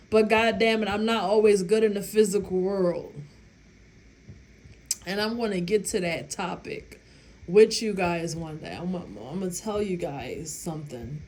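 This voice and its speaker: A woman's voice: medium pitch, a little mellow. Blunt, profane woman vlogger. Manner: blunt, profane, emphatic, laughs at her own story. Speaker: channel host giving relationship advice. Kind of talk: casual talk to viewers.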